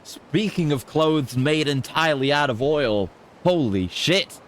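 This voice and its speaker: An excitable man chatting casually as he streams a game, his pitch bouncing up and down in a lively way. He cracks jokes between moments of gameplay. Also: unhurried, slight background noise. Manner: excitable, joking. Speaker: gaming streamer. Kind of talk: casual let's play commentary.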